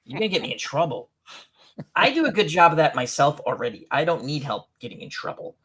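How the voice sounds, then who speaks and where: A man's voice: a little high, sing-song, fast, a bit bright, breathy edge. A man hosting a casual online chat, rambling through funny stories with lots of giggles. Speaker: host.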